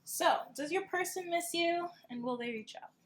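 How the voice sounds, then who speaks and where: A woman's voice: very high voice, normal speed. A young woman talks through a tarot reading in a casual, rambling way, full of fillers and asides. She sounds tired and keeps things loose and friendly. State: tired, yawning. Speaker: tarot reader.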